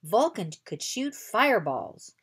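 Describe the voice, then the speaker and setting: A woman's voice: medium pitch, big pitch swings, takes it slowly, husky, heavily acted. A woman reading aloud as a stubborn, eager young princess who rides a fire dragon.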